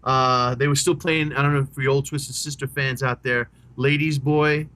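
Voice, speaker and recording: A man's voice: medium pitch, little pitch movement, moderate pace, pushed and bright. A middle-aged man, chatting casually and enthusiastically as a podcast co-host, rambling and swearing freely. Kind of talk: casual chat about rock music.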